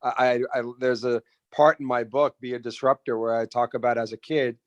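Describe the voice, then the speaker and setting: A middle-aged man telling stories in a casual interview, animated, with many restarts and repeated words. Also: mid-range voice, a little fast, no room sound, muffled recording. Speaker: restaurant founder and guest.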